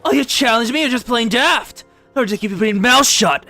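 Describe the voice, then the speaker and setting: A man's voice: sits high, expressive, unhurried, faint music behind, pitched above the performer's own voice. A man doing a snarling, bullying slaver. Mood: threatening. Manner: snarling, shouted threats. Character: brutal male slaver, cruel and bullying. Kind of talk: reading game dialogue aloud.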